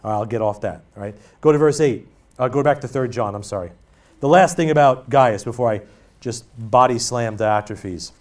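A man's voice: mid-range voice, moderate pace. A male pastor preaching a sermon in a church, emphatic and repetitive as he drives his points home. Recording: voice from far off the mic.

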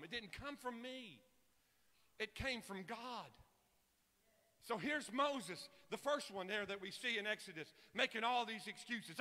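Kentucky preacher man, high bright voice, shouting then dropping low, big echoey hall. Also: normal speed. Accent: Southeast Kentucky. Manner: impassioned preaching, swinging from shouts to low quoted asides. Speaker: pastor. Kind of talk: sermon.

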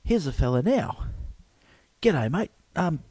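A comedic host improvises a sketch full of blokey banter and frequent stammering, his husky, mellow voice on the high side with big swings in pitch. He talks slowly into a close, dry mic with no room sound.

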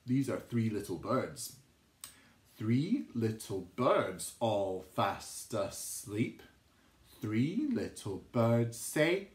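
A man's voice: on the low side, very animated, extremely slow. Male music teacher for a nursery class, sing-song and dramatic, in a roomy space. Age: adult. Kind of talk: children's music lesson with rhymes. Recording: roomy echo.

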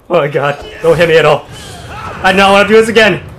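A male gaming host giving let's play commentary, excitable and swearing, often yelping in fear. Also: high voice, brisk, a little hiss or hum.

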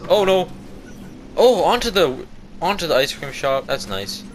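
A man giving excitable live commentary on his own gameplay, yelling and trash-talking as he plays. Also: fairly high pitch, a little slow, noisy background. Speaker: gameplay video creator. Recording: game music loud behind.

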